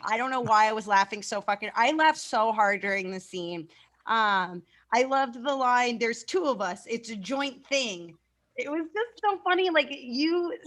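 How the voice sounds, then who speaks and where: A woman's voice: a little high, fairly bright tone. A woman improv teacher giving class feedback over a video call, enthusiastic and casual, swearing freely.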